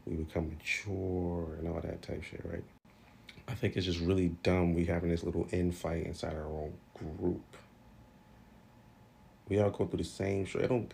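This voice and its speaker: A man's voice: low voice, creaky, mellow, slight background noise. A young man in a blunt, exasperated casual rant, swearing freely. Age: young adult. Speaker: commentator. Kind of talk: casual social media rant.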